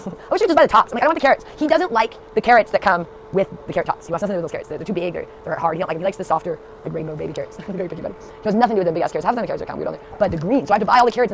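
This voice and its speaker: A woman's voice: on the low side, creaky, slight background noise. A woman vlogger chatting casually to camera, rambling with lots of fillers. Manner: rambling, full of fillers and restarts.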